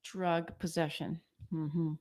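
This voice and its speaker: Woman cohost on a drinks livestream, lowish voice, teasing, correcting him. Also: little pitch movement, takes it slowly, darkish tone, no echo, studio quality. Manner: teasing, corrects her co-host. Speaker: livestream co-host. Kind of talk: casual chat over drinks.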